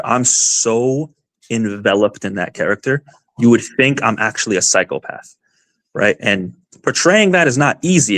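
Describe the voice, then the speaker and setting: A man's voice: lowish voice, fairly bright tone, no room sound. A man, a wrestler guest on a podcast, talking passionately over a video call, with lots of fillers. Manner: passionate, rambling with many fillers. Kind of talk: casual podcast chat.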